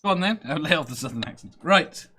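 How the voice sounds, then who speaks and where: A man's voice: on the high side, lively intonation, fast, sharp tone. A man from Merseyside hosting a casual quiz podcast, chuckling often and rambling loosely. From Merseyside, England. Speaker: quiz show host.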